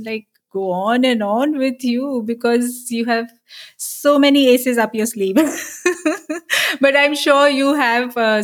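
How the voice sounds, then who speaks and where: A woman hosting a podcast interview, enthusiastic and giggly. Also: on the high side. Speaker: podcast host. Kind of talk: interviewing a guest.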